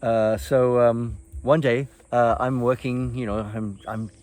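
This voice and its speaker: An older man telling stories from his past in a relaxed, meandering way, with lots of ums, uhs and restarts. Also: mid-range voice. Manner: meandering, halting, many fillers and restarts. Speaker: storyteller recounting his past. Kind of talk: casual reminiscing chat.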